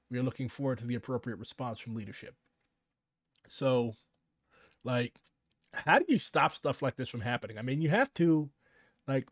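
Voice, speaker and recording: A man's voice: mid-range voice, no room sound, clean studio sound. A man giving casual live commentary on a news story, sardonic and swearing freely as he reads statements aloud.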